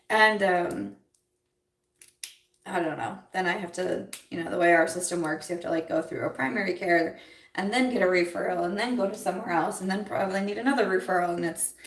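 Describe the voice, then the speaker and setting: Doing her makeup during a livestream, a young Iowan beauty vlogger chats casually in a mid-range voice, rambling through plenty of fillers and nervous laughter. She's captured from a distance, slightly off mic, with a roomy echo.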